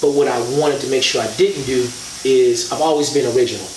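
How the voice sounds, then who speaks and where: A man chats as an interview guest, telling lively stories full of slang. His voice sits at an ordinary pitch. He is picked up from a distance in an echoey room, with faint noise underneath. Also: quick pace. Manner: animated storytelling with slang. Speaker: hip-hop artist and guest. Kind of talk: casual interview conversation.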